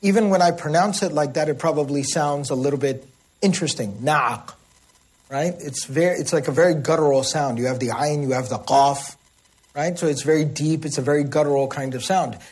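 A man's voice: fairly high pitch, brisk, breathy edge. A man teaching a religious language lesson, explaining word meanings and often checking in with his listeners. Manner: acts out calls and shouts.

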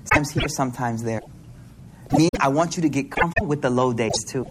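A man giving an informal religious talk, slangy and animated, swinging between hushed and loud. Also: mid-range voice, quick pace. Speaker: religious speaker. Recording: noisy recording with clicks.

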